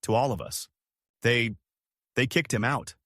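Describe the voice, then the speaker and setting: A man's voice: medium pitch, measured pace, a bit bright, dry recording, studio quality. A man voicing a remorseful ex-wife who pleads in a trembling voice. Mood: pleading. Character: tearful remorseful ex-wife, adult woman.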